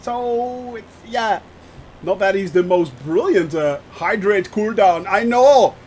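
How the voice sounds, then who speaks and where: A man's voice: sits high, animated, takes it slowly, darkish tone, slight background noise. A man, chatting live with viewers while streaming a flight sim, joking and laughing often as he reads the chat aloud.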